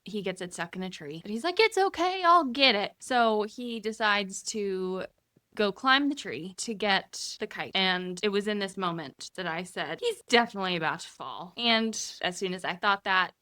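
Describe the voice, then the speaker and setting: Bright, dry-humored woman co-host. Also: medium pitch, moderate pace, dry recording. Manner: dry, matter-of-fact asides. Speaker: podcast co-host. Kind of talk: casual recap chat.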